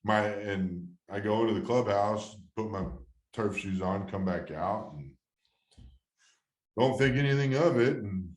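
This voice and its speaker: Deep-voiced man telling a story in an echoey room. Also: unhurried. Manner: rambling, restarting, lots of fillers. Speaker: guest, former baseball catcher. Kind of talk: casual storytelling interview.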